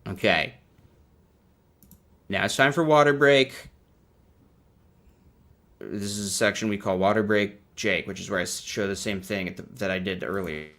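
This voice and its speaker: Male livestream host, low voice, dry sarcastic rambling commentary. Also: moderate pace, pauses often, fairly bright tone. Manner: sarcastic, rambling, laughs at own jokes.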